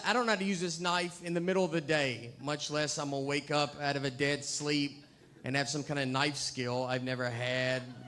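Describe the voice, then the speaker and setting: A man doing stand-up comedy, telling rambling, self-deprecating stories in a deadpan way. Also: medium pitch.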